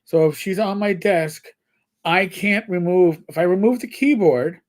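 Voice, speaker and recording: A man's voice: high voice, moderate pace, a little mellow. Rambling man. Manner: rambling storyteller, swears casually, imitates his cat. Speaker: co-host of a gaming health live stream. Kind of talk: casual chat.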